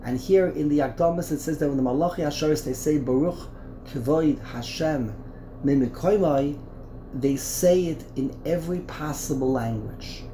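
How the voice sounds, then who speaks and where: Halting male Torah teacher in echoey room. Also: on the high side, background noise. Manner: repeats words, restarts often. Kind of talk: Torah class, explaining text.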